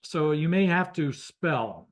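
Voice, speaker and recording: A man teaching a basic radio class, talking through it with many pauses, fillers and restarts. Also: on the high side, lively intonation. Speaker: radio training instructor. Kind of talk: classroom lecture.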